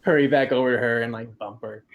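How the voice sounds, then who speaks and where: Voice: mid-range voice, steady tone, quick pace, narrow, tinny audio. A player describing their character's actions in a tabletop game, upbeat and laughing between lines.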